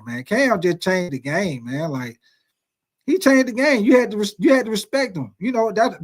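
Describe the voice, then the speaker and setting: A man hosting casual sports talk, emphatic and full of profanity. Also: sits high.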